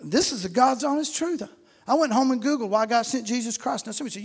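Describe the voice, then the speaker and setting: A middle-aged man preaching a sermon with folksy storytelling, acting out shouting congregants as he goes. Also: very high voice, quick pace, vocal fry, slightly rough.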